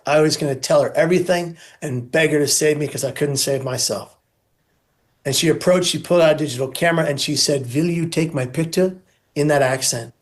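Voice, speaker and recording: A man speaking as an interview guest, earnest and emphatic, building his points in repeated lists. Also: fairly high pitch. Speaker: guest, suicide prevention speaker. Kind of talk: earnest advocacy talk.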